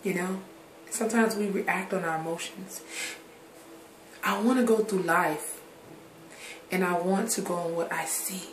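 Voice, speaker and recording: A woman's voice: fairly low pitch, fairly even intonation, a little slow, pauses often, background noise. Frank rambling woman in an echoey room. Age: adult. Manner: rambling, drifts from subject to subject; frank, swears casually. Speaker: vlogger. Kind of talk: candid personal vlog talk. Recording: roomy echoey recording.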